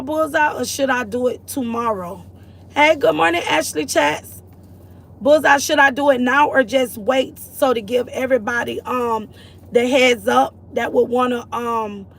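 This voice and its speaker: A woman from Florida hosts a casual faith-based livestream. Her voice sits a bit high with a strong gravelly fry. She speaks earnestly and encouragingly, greeting and answering viewers in the chat. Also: measured pace. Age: adult mother. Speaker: livestream host.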